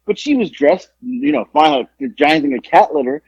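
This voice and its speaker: A podcast co-host with a husky voice tells a story in a casual chat, speaking at a moderate pace. He's an animated storyteller who acts out quotes with big jumps in pitch. The audio sounds dull.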